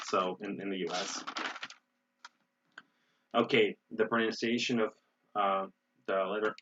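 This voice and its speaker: A man's voice: lowish voice, steady tone, moderate pace, pauses often, bright, forceful tone, dull audio. An American man teaching English in an online webinar, explaining pronunciation with many fillers and restarts. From United States.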